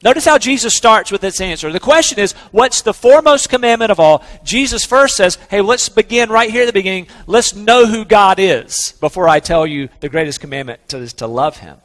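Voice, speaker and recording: High-voiced preaching man in a reverberant hall. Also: lively intonation, fairly bright tone. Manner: earnest, conversational preaching with emphatic slow stresses. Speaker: pastor. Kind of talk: sermon.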